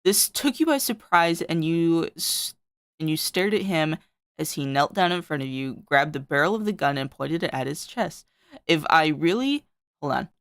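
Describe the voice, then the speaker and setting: A woman's voice: low-pitched, animated, normal speed, dry recording, clean studio sound. A woman streamer reading her old fan fiction aloud to friends, breaking off to swear and comment.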